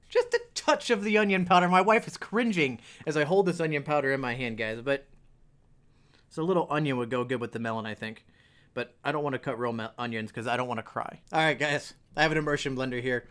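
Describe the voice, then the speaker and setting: A man's voice: mid-range voice, fairly bright tone. A young adult man hosting a casual home cooking video, walking viewers through a recipe with jokey asides in a home kitchen.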